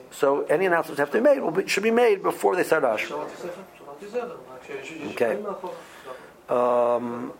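A man, teaching a halacha class in a halting way, with many ums and restarts. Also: on the high side, gravelly, low-quality recording. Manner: halting, many ums and restarts, mixes Hebrew and Aramaic terms. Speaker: Torah teacher. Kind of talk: halacha class explaining Jewish law.

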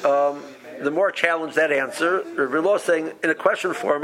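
A man teaching a Talmud study session, explaining the text with animated quoting and frequent restarts. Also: fairly high pitch, brisk, vocal fry. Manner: animated, acts out the rabbis' voices, many restarts.

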